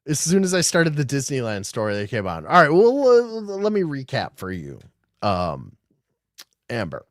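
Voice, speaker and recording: A man's voice: mid-range voice, huge pitch swings, moderate pace. A man hosting a loose podcast, reading stories aloud and breaking off to mock them. His voice rises and falls a lot as he riffs, sarcastic and often swearing. The sound is dry and close, with no room echo. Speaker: podcast host. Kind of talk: casual live-stream commentary reading news aloud.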